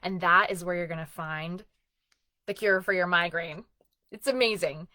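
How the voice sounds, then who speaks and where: A woman's voice: on the low side, moderate pace, pushed and bright, no echo. A woman in her thirties, a wellness coach, talking earnestly and conversationally, with frequent laughs. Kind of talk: teaching talk to camera.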